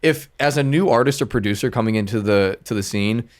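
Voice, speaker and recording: A man with a fairly low voice, chatting as a music producer on a podcast. He talks loosely and rambles, circling back through his thoughts with plenty of fillers along the way. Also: fairly quick. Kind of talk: casual podcast chat.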